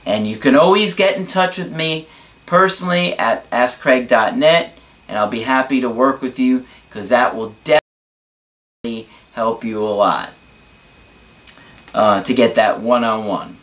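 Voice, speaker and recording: A male relationship coach talks through an advice video at an unhurried, drawn-out pace. His voice sits at a middling pitch, and he explains in a deliberate, reassuring way. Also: fairly bright tone.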